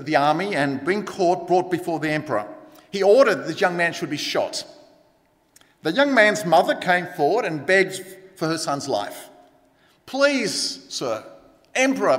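A middle-aged pastor preaches in a high voice, chatty and direct, with asides to the congregation. The sound rings with the long reverb of a church hall. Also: male voice, a bit bright. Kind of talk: sermon.

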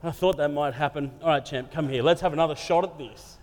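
A weary, laid-back healer who talks like an old mate, voiced by a man who is preaching. The voice sits fairly high and carries long hall reverb. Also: fairly quick, darkish tone, natural voice. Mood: weary, matey.

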